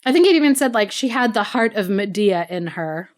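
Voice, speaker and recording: A woman's voice: medium pitch, expressive, a little fast. A woman co-hosting a podcast, casually retelling a story with lots of "like" and frequent laughter. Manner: chatty, laughs often, heavy use of "like". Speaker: podcast co-host.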